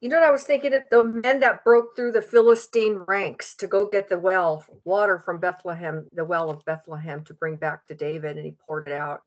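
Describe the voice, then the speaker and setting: A woman's voice: on the low side, moderate pace, few pauses. A woman in casual conversation, animatedly retelling a story. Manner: animated, retelling stories with quotes. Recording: dull lo-fi audio.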